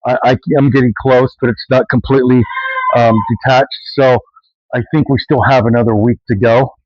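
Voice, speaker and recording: A man's voice: mid-range voice, little pitch movement, normal speed, dry recording, highs cut off. A man filming a casual vlog outdoors on his homestead, talking in a loose, rambling way with plenty of fillers and restarts. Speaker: homesteading vlogger. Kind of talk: casual walk-and-talk vlog. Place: outdoors on a farm yard with animals.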